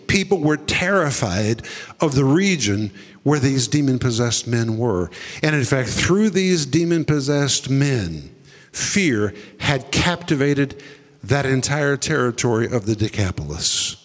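A male preacher telling a story in a sermon, dramatic, dropping to deep low tones for quoted lines. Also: expressive, a little slow, in a large hall.

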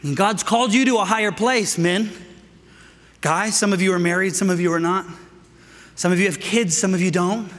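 Out-of-breath preacher in a big hall. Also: male voice, sits high, moderate pace. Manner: energetic, calls for amens, asks "right?". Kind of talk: sermon to men. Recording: echoey hall with long reverb.

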